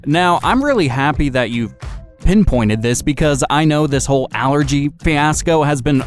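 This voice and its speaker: A man on a morning radio show with a lively, swinging voice pitched a bit higher than most men. He talks in a playful, casual way as he banters with his co-host. Music plays faintly in the background. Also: moderate pace. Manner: playful, animated.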